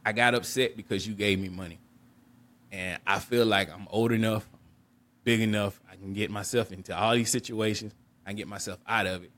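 A man's voice: fairly low pitch, steady tone, a little fast, a bit bright. A man co-hosting a podcast, candidly telling a personal story in an earnest, reflective way and often restarting and repeating words. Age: adult. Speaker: podcast co-host.

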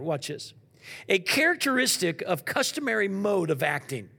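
A man preaching a sermon, asking the congregation questions and swinging from loud to quiet. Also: high voice, normal speed, vocal fry, breathy edge. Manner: animated preaching with call-and-response questions. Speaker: pastor.

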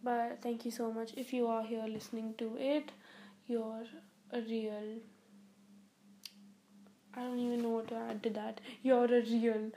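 A woman's voice: on the high side, mellow, a little hiss or hum. Groggy teenage girl rambling casually. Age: teens. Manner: rambling, full of fillers and restarts. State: groggy, weak-sounding voice. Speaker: podcast host. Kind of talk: casual solo podcast chat.

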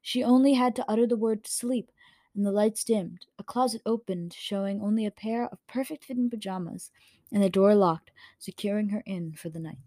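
A woman's voice: mid-range voice, normal speed, mellow, no echo. A woman reading a story aloud in a casual way, with slips and corrections, into a home microphone. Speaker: story reader.

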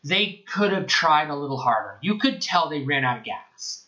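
A man's voice: on the high side, very animated, moderate pace, bright, forceful tone, low-quality recording. A man giving a casual spoken film review, sarcastic and profane, rambling as he goes.

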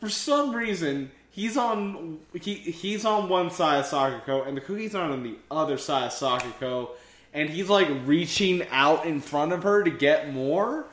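A man's voice: fairly high pitch, a little slow, a bit bright, echoey room. A man co-hosting a podcast, recapping a show in casual chat, rambling with lots of fillers and swearing. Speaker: podcast co-host.

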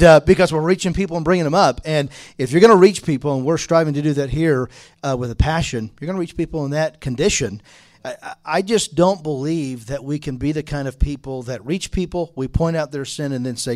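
A man moderating a church conference panel, talking quickly and earnestly with frequent restarts. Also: on the high side, a little mellow.

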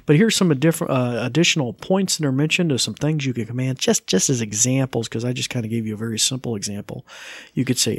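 Male podcast host, gravelly voice, close dry sound, casual tutorial delivery, hesitant. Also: mid-range voice, steady tone, no room sound. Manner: halting, many uh fillers.

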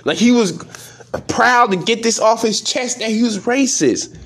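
A man's voice: very high-pitched, a little slow. A man hosting a podcast, giving profane, exasperated casual commentary on news stories and talking straight to his listeners. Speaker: podcast host.

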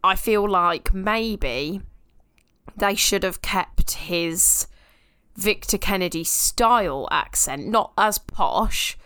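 A woman's voice: medium pitch, expressive, slow, bright, forceful tone, smooth. A woman co-hosting a podcast, chatty and frank with her opinions, laughing easily. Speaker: podcast co-host. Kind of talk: casual podcast discussion.

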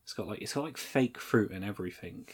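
A man's voice: lowish voice, fast, husky. A man casually recapping a horror film, joking dryly and swearing a lot. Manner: dry, sarcastic jokes, heavy swearing. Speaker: podcast co-host.

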